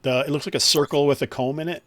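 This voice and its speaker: A man's voice: a little high, steady tone, quick pace, fairly bright tone, no echo. Easygoing man running a tabletop game. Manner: easygoing, chuckling, explaining rules. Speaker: game master.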